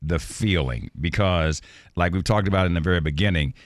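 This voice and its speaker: A man's voice: low-pitched, a little fast, no room sound, clean studio sound. A man hosting a casual interview, asking eager questions and repeating words as he gets started. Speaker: host.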